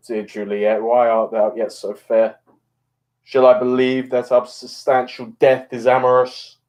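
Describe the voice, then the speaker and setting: A man's voice: medium pitch, a little mellow, natural voice. A man reading the part of Romeo, a grief-stricken young lover, in an impassioned, declamatory way. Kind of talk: dramatic reading of a play.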